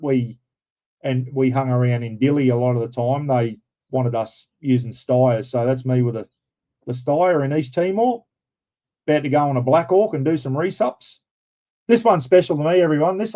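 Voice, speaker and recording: Middle-aged Australian man, casual storyteller, mellow tone, swears freely. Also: on the high side. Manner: rambling army yarns, swears freely. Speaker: livestream host.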